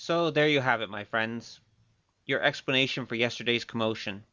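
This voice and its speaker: An actor playing a cocky young male thief who speaks in a wry, playful, quick-witted way, narrating his tale in a radio play. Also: medium pitch, lo-fi sound, loud music behind the voice, close to an everyday voice. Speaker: narrator and lead.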